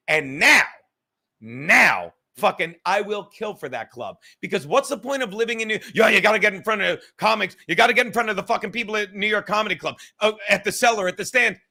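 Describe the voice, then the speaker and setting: A man, a comedian hosting a podcast, talking in crude, animated, profane banter. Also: high voice. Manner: crude, animated, swearing often. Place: car.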